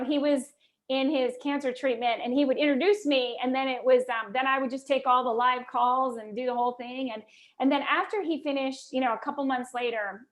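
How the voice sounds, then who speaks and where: High-pitched woman guest, real estate radio host, animated storyteller.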